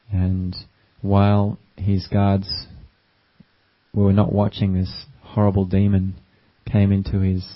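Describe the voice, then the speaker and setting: A male meditation teacher gives a gentle, unhurried dharma talk. His deep voice stays very flat and even. The recording is dull and lo-fi. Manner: gentle, unhurried, with many fillers.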